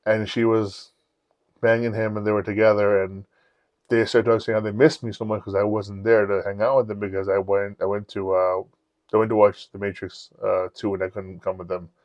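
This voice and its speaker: A podcast host tells profane stories in a casual chat, acting out the dialogue with animation. His voice sits lowish and moves at a normal speed, and the recording is dry, dull and lo-fi.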